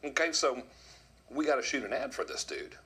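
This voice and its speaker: A man telling a story to his viewers in a casual, animated monologue, often quoting others. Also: medium pitch, moderate pace, breathy edge. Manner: animated storyteller, quotes people in put-on voices. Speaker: video commentator.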